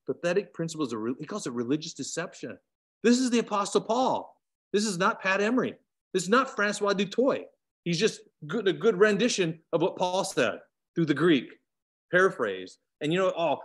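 In an animated online Bible study held over video call, a man alternates loud emphatic bursts with quiet asides. His voice leans high and has a husky quality.

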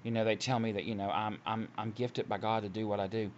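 A man's voice: lowish voice, little pitch movement, quick pace. A man preaching casually from home, earnest and rambling, with many restarts. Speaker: online Christian video preacher. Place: at home, seated. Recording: dull lo-fi audio with faint hiss.

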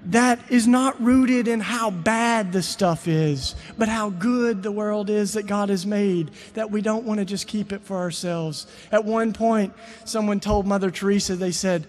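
A man's voice: high-pitched, measured pace, hardly any pauses, long reverb tail, slight background noise. A middle-aged man giving a sermon, telling stories and building to emphatic preaching. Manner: storytelling, rising to emphatic preaching. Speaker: speaker.

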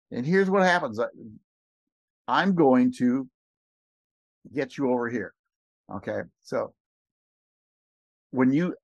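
An eager man narrating a screen recording, talking quickly and rambling as he clicks through pages. His voice sits at an ordinary pitch and the sound is close and dry, with no room echo. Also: dull audio. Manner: excited, rambling, talks fast. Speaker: network marketing recruiter. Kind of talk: screen-share walkthrough.

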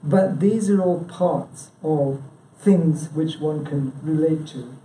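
A man's voice: fairly high pitch, takes it slowly, warm tone, recorded from a distance, slight background noise. A man chairing a local branch, giving an informal presentation and quizzing the audience, chatty and prone to restarts. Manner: chatty, self-interrupting, with frequent "yeah?" and "you know". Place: meeting room with a live audience. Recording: echoey room, speaker away from the mic.

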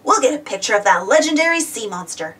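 A woman voicing an excitable young male legend hunter in a storybook read-aloud, heard from a distance. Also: fairly high pitch, fast talker. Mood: confident. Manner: excited, shouting.

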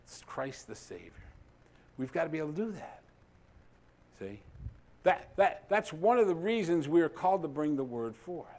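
A man preaching a sermon as pastor, telling stories and swinging between loud emphatic lines and soft, hushed ones, sometimes dropping to a near whisper. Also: fairly high pitch, big pitch swings, moderate pace, pauses often.

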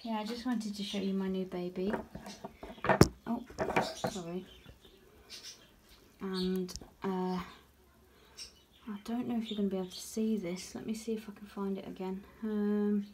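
A young British woman in a casual home vlog, showing off her new pet tarantula and often slipping into a high, slow baby voice to coo at it. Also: steady tone, dark tone, slight background noise. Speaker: vlogger showing her pets.

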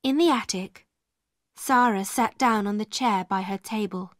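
Storybook narrator: a woman, slow and deliberate, dry close sound. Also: mid-range voice, no echo. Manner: clear and deliberate.

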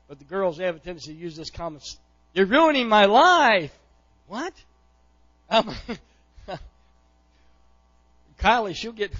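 A middle-aged male pastor preaches a sermon with great passion, often pushing to near-shouts and repeating words as he goes. His voice sits high, and the audio is dull.

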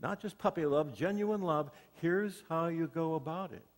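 A man's voice: a little high, moderate pace. A man preaching a sermon as pastor, telling folksy stories and asking the congregation questions. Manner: folksy storytelling with rhetorical questions. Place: church sanctuary. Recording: long hall reverb.

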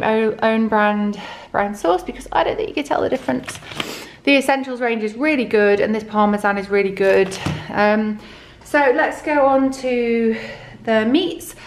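A woman's voice: fairly high pitch, slight background noise. Chatty, slightly breathless woman. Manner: chatty, rambling with fillers and restarts. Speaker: vlogger. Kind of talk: casual grocery haul chat.

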